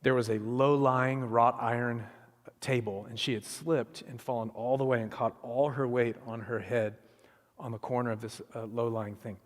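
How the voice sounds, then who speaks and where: A middle-aged man giving an animated storytelling sermon as a guest speaker, acting out the voices of the people in his story. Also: mid-range voice, moderate pace. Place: church sanctuary. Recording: long hall reverb.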